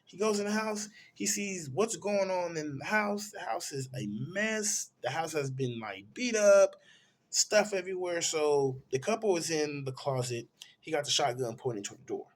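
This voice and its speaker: A man reviewing films, retelling a movie's plot in a casual, animated way full of slang. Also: a little high, a little slow. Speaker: film reviewer.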